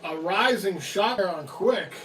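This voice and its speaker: A high-pitched man calls a hockey game play by play on a livestream, with quick excited calls and loose, swearing banter. He sits well back from the microphone. Faint background noise sits under his voice. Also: far from the mic, poor audio. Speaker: livestream co-host calling the game. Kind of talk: casual play-by-play commentary.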